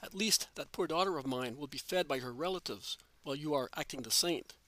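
A reproachful old woman scolds her son-in-law without pause, read by a man. The tone is bright and forceful and slightly raised in pitch. It sounds dry and close. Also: no echo. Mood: scolding. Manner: nagging, reproachful. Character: old scolding mother-in-law, sharp-tongued.

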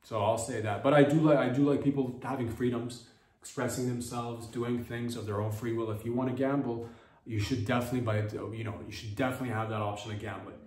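A man's voice: medium pitch, fairly even intonation, quick pace, darkish tone, recorded from a distance. A man hosting a comedy podcast, rambling through an ironic, mock-earnest monologue. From Canada. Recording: echoey room, voice a bit off-mic.

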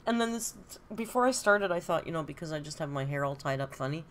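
A woman's voice: sits low, animated, fast. Candid middle-aged woman chatting on a stream. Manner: candid and chatty, reading out chat comments. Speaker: live stream host. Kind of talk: casual live-stream chat.

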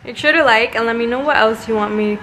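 A woman's voice: fairly high pitch, fast talker, very noisy. A woman vlogging casually at home, out of breath, chatting and calling to a puppy, dropping in Spanish words. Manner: playful, mixes in Spanish words, coos at a puppy. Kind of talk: casual vlog chat. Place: home indoors.

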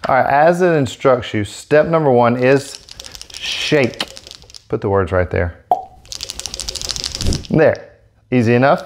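A man hosting a casual product demo vlog, talking in an excitable, gushing way into a set-up microphone. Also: mid-range voice, a little slow, pauses often, slight background noise. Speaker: airbrush artist demonstrating markers.

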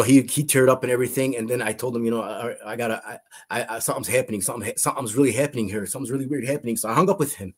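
A middle-aged man with a husky, breathy voice recounts a personal testimony. He speaks earnestly, circling back on his words and restarting sentences as he goes. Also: mid-range voice. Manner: earnest, repeats himself, frequent restarts. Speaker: guest sharing a testimony.

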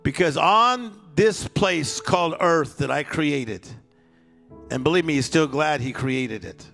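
Creaky high-voiced male preacher. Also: measured pace. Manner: swings between loud exhortation and hushed storytelling. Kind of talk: sermon. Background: soft piano music.

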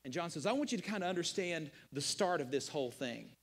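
A man's voice: fairly high pitch, animated, fast talker, in a large hall. A man preaching a sermon as pastor, emphatic and rhetorical, repeating key phrases and asking questions of his listeners. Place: church sanctuary.

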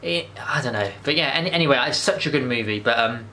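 Fast-talking, bright-voiced man. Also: medium pitch, expressive, a little hiss or hum. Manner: rambling and enthusiastic, with frequent restarts and swearing. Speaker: vlogger. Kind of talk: casual movie review monologue.

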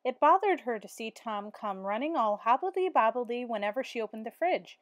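A woman reading a children's picture book aloud in a steady, expressive way. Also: a little high, fairly quick, dry recording. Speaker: teacher.

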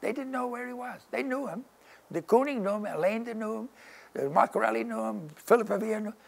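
A man's voice: sits high, fairly quick, gravelly. An older man telling rambling stories in an interview in his studio, peppering his talk with "you know" and "you see". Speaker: interviewee, painter. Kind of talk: casual anecdotal storytelling.

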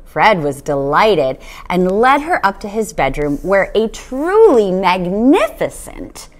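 A woman reading a children's novel aloud, with an expressive storytelling manner. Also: medium pitch, slow pace. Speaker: storybook reader.

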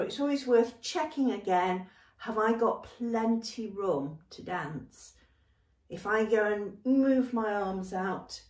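A woman leading a gentle dance warm-up for older adults, encouraging and often laughing. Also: medium pitch. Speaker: dance workshop leader. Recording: echoey room, mic at a distance.

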